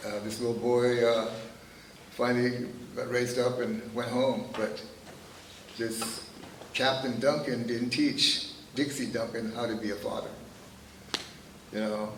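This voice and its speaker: Man in his seventies, teach-in speaker, personal storytelling, halting with fillers, roomy echo, distant mic. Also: mid-range voice, noisy background. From Northern California. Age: 70s. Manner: halting, many "uh" and "you know" fillers. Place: meeting room. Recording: echoey room, recorded from a distance.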